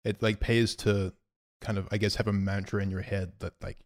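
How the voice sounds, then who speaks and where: A young man in casual podcast chat, laid-back and rambling, soft-spoken with lots of fillers. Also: lowish voice, little pitch movement, moderate pace. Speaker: podcast co-host.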